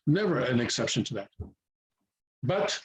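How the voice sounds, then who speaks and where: A man's voice: medium pitch, sing-song, normal speed, rough recording. Man teaching with many restarts. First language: English. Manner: repeats words, many fillers and restarts. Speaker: language teacher. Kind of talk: explaining at a whiteboard-style lesson.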